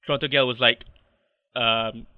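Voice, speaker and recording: A man's voice: medium pitch, fairly even intonation, normal speed, clean tone, no echo, muffled recording. A man with a Malaysian English accent, a podcast guest chatting casually and rambling with many restarts. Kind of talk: casual interview chat.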